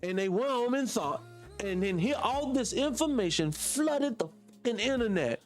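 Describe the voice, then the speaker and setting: Animated Southern man preaching off the cuff. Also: very high-pitched, moderate pace, faint music behind. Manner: preachy, animated, rhetorical questions, swears casually. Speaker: radio show host. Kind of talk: off-the-cuff monologue.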